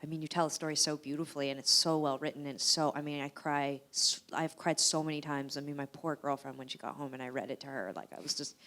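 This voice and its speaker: A woman's voice: sits low, level tone, quick pace, few pauses, a bit bright. A woman interviewing an author onstage, effusive and emotional, often laughing as she talks. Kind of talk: onstage conversation. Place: live event on stage.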